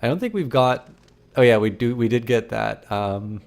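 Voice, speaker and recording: Gravelly-voiced man streaming a game. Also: medium pitch, expressive, moderate pace, darkish tone. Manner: playful, reads lines in mock-theatrical voices. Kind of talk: live game streaming, reading dialogue aloud.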